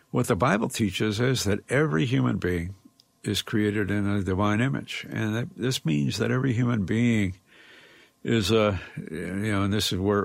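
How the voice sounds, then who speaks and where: A man with a low, gravelly voice answers interview questions in a slow, reflective way, circling back and restarting his thoughts. His voice has a husky edge. The recording is close and dry. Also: no room sound. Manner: thoughtful, halting, many restarts. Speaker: guest, philosopher and educator.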